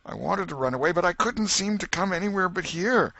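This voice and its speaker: A man's voice: a little high, very animated, measured pace, bright, forceful tone, breathy edge, no echo, muffled recording, pitched above the performer's own voice, exaggerated voice. A man voicing a terrified middle-aged man accused of murder, pleading and tearful in a storybook reading. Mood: moaning.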